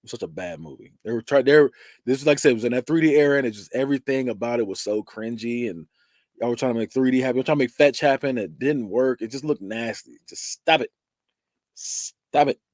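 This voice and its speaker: A man's voice: medium pitch, fast, no room sound, clean studio sound. A man hosting a podcast, chatting casually and animatedly about movies, laughing, swearing and acting out scenes. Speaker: podcast host. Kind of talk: casual movie-review chat.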